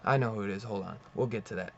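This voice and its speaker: Excitable young man rambling about comics. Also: on the low side, racing, gravelly. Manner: excitable, rambling, swears and says "dude" a lot. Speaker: comic book reviewer. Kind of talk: casual enthusiastic review. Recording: slightly dull lo-fi audio with faint hiss.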